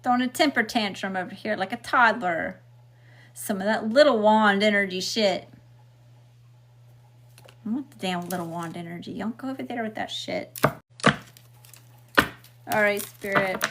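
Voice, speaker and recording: A woman's voice: medium pitch, heavy background noise. A middle-aged woman doing a casual spiritual tarot reading, emphatic and blunt, checking in with "okay?" and swearing freely. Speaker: tarot reader.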